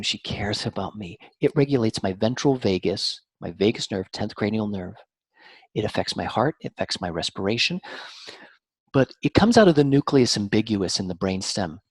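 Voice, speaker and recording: Animated man explaining mind-body health. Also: on the low side, vocal fry, breathy edge, no room sound. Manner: animated, teacherly, varies intonation on purpose. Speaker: mind-body therapist guest. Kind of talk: explanatory interview talk.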